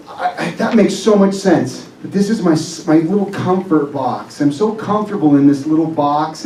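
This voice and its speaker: Chiropractor pumping up a live crowd; fairly high voice, echoey room, mic at a distance. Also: male voice. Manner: energetic, joking, rallying the audience with questions. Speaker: chiropractor giving a seminar. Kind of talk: motivational health seminar talk.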